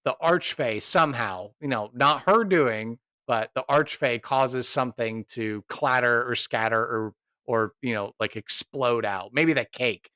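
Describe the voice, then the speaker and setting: A man running a tabletop game and narrating in an upbeat, rambling way, padding his lines with fillers. His voice sits at a middle pitch, and the recording is dry and close to the mic. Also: a little slow, few pauses, bright, forceful tone, no room sound. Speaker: game master.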